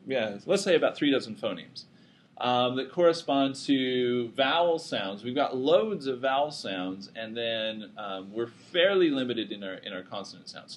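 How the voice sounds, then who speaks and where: A man's voice: mid-range voice, a little hiss or hum. A man teaching a psychology class, lecturing casually and joking with his students. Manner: casual, joking, self-deprecating.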